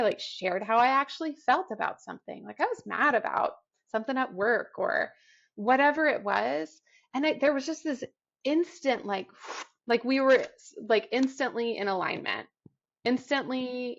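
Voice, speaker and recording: A woman guest on a podcast telling a personal story in a reflective, halting way, with many fillers and restarts. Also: sits high, animated, vocal fry, lo-fi sound. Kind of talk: casual conversational storytelling.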